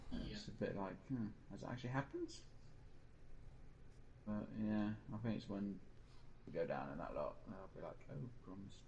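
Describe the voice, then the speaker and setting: A man's voice: fairly low pitch, lively intonation, normal speed, a little mellow, dull audio, a little hiss or hum. A man streaming a game, rambling through a personal story in casual chat and mimicking other people's lines. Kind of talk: casual chat while gaming.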